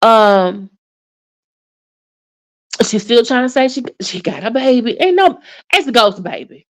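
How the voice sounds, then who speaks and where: A woman with a slightly high voice gives casual commentary on online drama. Her delivery is sassy and animated, and she often slips into quoted lines. She sighs in disbelief between her points. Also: unhurried. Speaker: YouTube commentator.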